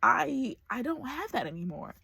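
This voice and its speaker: A woman's voice: high voice, very animated, moderate pace, creaky, bright, forceful tone, slightly rough, no room sound. A woman in her forties talking candidly to camera in a personal vlog, emotional and close to tears. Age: 40s. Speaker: vlogger.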